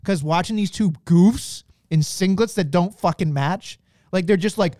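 A man co-hosting a wrestling podcast, blunt and profane, ranting in animated casual chat. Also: sits high, moderate pace, no echo, studio quality.

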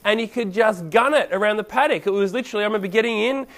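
A man preaching a sermon in a casual, animated storytelling way. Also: high-pitched, rapid-fire.

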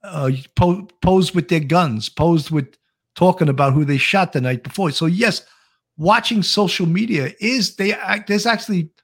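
A man, a retired police officer, co-hosting a live online show and giving measured, steady commentary. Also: high-pitched, husky. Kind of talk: casual livestream commentary.

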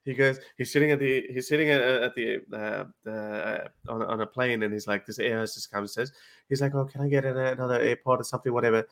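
A man's voice: medium pitch, fast talker. A man co-hosting a casual podcast chat, teasing his friends and acting out quoted lines as he tells stories. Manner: animated storyteller, acts out quotes, teasing. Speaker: podcast co-host.

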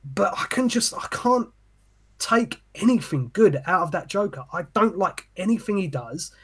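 A man ranting on a podcast with an animated, sweary delivery. His voice sits a little high and has a husky edge. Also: moderate pace. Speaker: podcast co-host. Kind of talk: casual chat.

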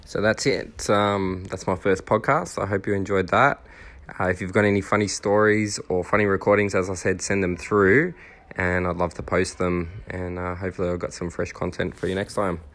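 A man, hosting a podcast and telling a rambling anecdote full of halting fillers. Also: deep voice, level tone, a bit bright. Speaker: podcast host. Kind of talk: casual anecdote storytelling.

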